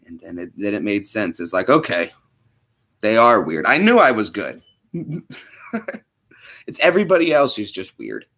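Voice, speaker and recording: A man's voice: on the low side, very animated, normal speed, pauses often, fairly bright tone. A man hosting a livestream, rambling through jokes that amuse himself in casual chat. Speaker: livestream host. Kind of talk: casual joking stream chat.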